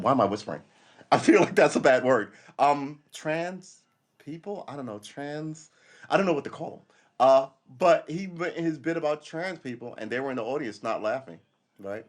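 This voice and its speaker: A man hosting a live podcast, rambling and opinionated, swinging from loud outbursts to low asides. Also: lively intonation, moderate pace. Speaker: podcast host. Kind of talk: casual live commentary.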